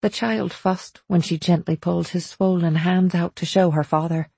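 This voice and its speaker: A woman reading a first-person story as an audiobook narrator, steady and measured. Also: fairly low pitch, creaky, husky, no room sound.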